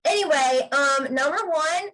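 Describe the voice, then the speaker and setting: Casting note: high-pitched woman, emphatic motivational speaker on a video call. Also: measured pace, fairly bright tone, poor audio. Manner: emphatic, repeats "okay?" to drive points home. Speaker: guest speaker on a sales team video call. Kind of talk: motivational pep talk.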